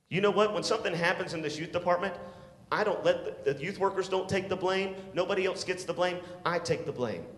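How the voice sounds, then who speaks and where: A man preaching a sermon to teenagers, swinging from shouts to hushed tones and calling for responses. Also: sits high, brisk. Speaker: youth pastor. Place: church sanctuary. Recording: echoey hall.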